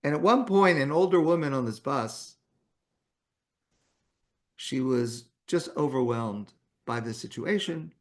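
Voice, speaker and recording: A man's voice: medium pitch, animated, unhurried, pauses often. A man giving a morning talk as a rabbi, telling a story in a conversational way. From Canada.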